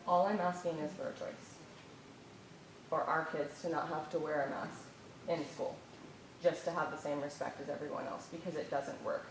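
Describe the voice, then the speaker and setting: A woman with a low voice speaks as a parent at a school board meeting, indignant and accusing. She stands well back from the mic. The sound carries through a very echoey hall with a faint rumble behind it. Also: steady tone, moderate pace, recorded from a distance. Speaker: parent giving public comment. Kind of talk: impassioned public comment.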